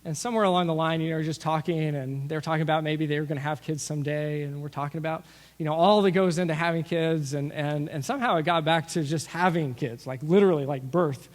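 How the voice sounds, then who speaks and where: A middle-aged man preaching a sermon as pastor, telling stories with lively asides and acting out what people said. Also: a little high, quick pace. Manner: storytelling, animated with asides and acted-out quotes. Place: church sanctuary. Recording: long reverb of a large hall.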